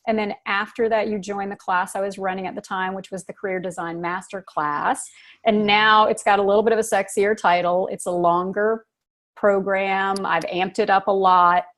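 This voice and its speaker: A woman with a mid-pitched voice hosts an interview. She keeps an upbeat, chatty manner as she leads the talk. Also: level tone, moderate pace, fairly bright tone. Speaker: host, business coach. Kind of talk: interview hosting.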